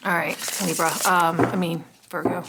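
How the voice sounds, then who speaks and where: Gravelly-voiced woman reading tarot. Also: on the low side, level tone, normal speed, background noise. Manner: musing, chatty, many "um" fillers. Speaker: tarot card reader.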